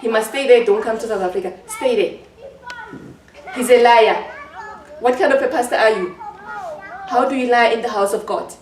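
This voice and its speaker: A woman's voice: on the high side, fast talker, roomy sound, recorded from a distance, a little hiss or hum. A woman giving an emotional personal account in an interview, hurt and indignant, often repeating herself.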